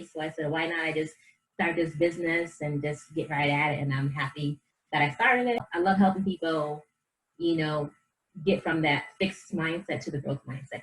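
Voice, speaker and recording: A woman's voice: low voice, low-quality recording. A woman life coach, a guest in a casual interview, talking earnestly and animatedly about her past and her faith, acting out what others said. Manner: earnest, animated storyteller who acts out quoted voices.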